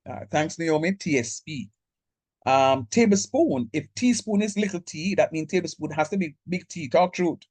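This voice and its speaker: A man's voice: on the high side, expressive, moderate pace, a little mellow, slightly rough, no room sound. A man with a Jamaican accent teaching an online math class, talking to students in a direct, chatty way over a video call. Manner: direct, chatty, code-switches into local speech. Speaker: lecturer.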